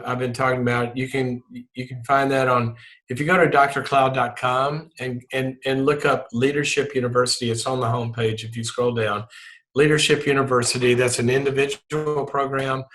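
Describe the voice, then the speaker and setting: A man with a Southern US accent talks as a guest on an interview podcast, and his pitch sits in the middle range. He speaks in an animated rush that keeps stopping to restart and repeat words. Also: moderate pace. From Mississippi, USA. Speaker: guest psychologist and leadership author. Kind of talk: podcast interview and spoken prayer.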